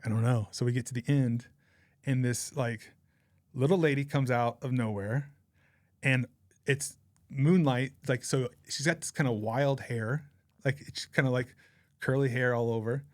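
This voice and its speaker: A man's voice: mid-range voice, fairly even intonation, unhurried, a little mellow, dry recording, clean studio sound. A man in his forties, a podcast guest, telling a rambling personal anecdote in a casual, chatty way. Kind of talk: casual storytelling.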